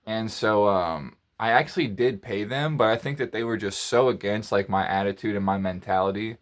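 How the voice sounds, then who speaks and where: A man with a somewhat low voice tells a story in a loose, casual monologue. He rambles, repeats himself and often restarts his sentences. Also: moderate pace. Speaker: podcast host.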